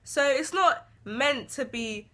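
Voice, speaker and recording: A young woman, the daughter, calmly arguing her side in casual chat with her mother. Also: high-pitched, takes it slowly. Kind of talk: casual family vlog chat.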